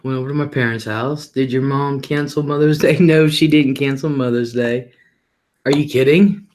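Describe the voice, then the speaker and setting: A man's voice: mid-range voice, steady tone, normal speed, darkish tone. A middle-aged man hosting a livestream, talking casually and rambling about his day, often laughing and swearing offhandedly. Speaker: livestream host.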